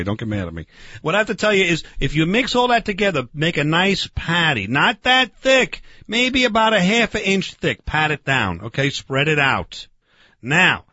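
A man's voice: a little high, pushed and bright, no echo, dull audio, heavily acted. A man putting on a blustering barbecue know-it-all. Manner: bossy, blustering, keeps interrupting, mangles words. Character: brash loudmouth male grill-master "Barbecue Man".

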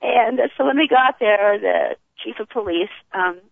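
An older woman, an author, telling her life story in an interview, animated and often laughing as she acts out the people in it. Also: a little high, normal speed, gravelly, no echo. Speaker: author and guest. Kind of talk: emotional personal storytelling. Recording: tinny phone line.

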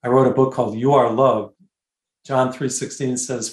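A man sharing a spiritual experience in an interview, earnest and emphatic, slowing down on key words and trailing off softly. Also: mid-range voice, fairly even intonation, echoey room. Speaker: guest author. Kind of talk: conversational interview, spiritual testimony.

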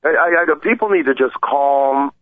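Man, talk radio co-host, animated ranter, dry tinny phone-line audio. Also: on the high side, normal speed, dry recording. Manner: heated, animated storytelling. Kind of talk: sports talk radio chat.

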